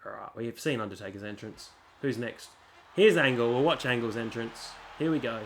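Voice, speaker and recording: A man's voice: medium pitch, a little fast, a bit bright, slight background noise. A man giving casual, jokey commentary while playing a wrestling video game. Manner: chatty, jokey, mock announcer asides. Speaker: gaming channel host.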